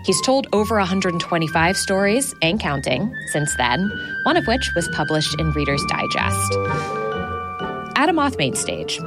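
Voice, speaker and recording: Woman, radio host, scripted narration, low voice, music underneath. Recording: studio read with music bed.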